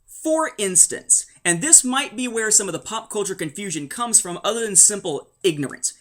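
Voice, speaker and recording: A man's voice: on the high side, a bit bright. A man hosting a casual spoken review, rambling along with dry jokes and asides. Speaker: host of a book and comic review show.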